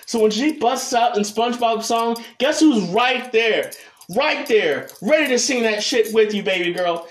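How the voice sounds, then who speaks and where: A man's voice: very high voice, moderate pace, a bit bright. A young adult man hosting a solo podcast, rambling casually with heavy cursing and many restarts. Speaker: podcast host.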